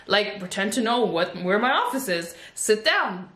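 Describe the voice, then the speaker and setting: A woman in her twenties chatting at home into a phone, telling a casual storytime in an animated way. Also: mid-range voice, normal speed, echoey room, a little hiss or hum. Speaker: vlogger.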